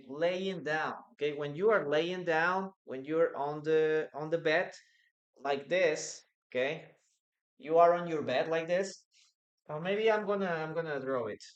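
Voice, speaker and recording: A man's voice: fairly high pitch, lo-fi sound. A man with a Peruvian Spanish accent teaching English in a live online class, answering viewers' questions from the chat. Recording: echoey room.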